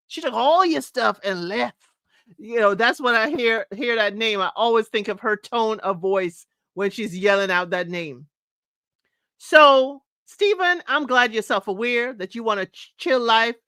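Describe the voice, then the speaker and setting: A woman hosting a live reality-show recap, sassy and animated, laughing often and mimicking the cast. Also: a little high, unhurried, smooth, no echo. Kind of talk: live recap chat to viewers.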